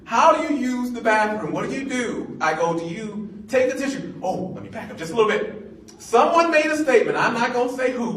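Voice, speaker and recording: A man in his forties, a pastor telling a funny story in a sermon, playful and laughing often. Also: high voice. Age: 40s. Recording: echoey room, mic at a distance.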